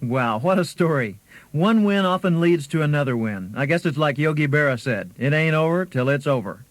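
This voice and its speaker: Male co-host, slightly high and lively voice, brisk scripted tips, dry sound. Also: dry recording, rough recording. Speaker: sales trainer co-host. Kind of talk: scripted sales advice.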